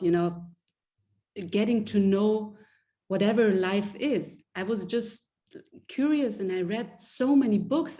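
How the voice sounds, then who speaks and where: Earnest woman with a mellow voice. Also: medium pitch. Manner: earnest, restarts sentences often. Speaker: guest. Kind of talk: reflective interview talk.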